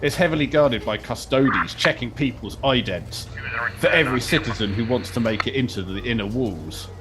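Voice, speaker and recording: A man's voice: medium pitch, expressive, moderate pace, background noise. A man hosting a podcast, playfully narrating a choose-your-path game scenario. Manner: playful, chatty storyteller. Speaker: podcast host and game master.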